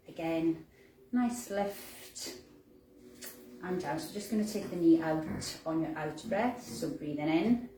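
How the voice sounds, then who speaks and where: Slow, calm woman cueing Pilates. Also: lowish voice. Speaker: fitness instructor. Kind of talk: guided Pilates class. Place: room in a house. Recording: roomy, distant mic with faint noise.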